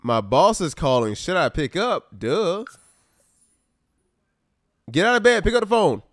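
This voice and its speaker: Recorded dry at studio quality, a gaming YouTuber with a slightly high voice speaks at a measured pace. He's exasperated and animated while doing casual let's-play commentary on a life-simulation game, addressing viewers straight on as "y'all."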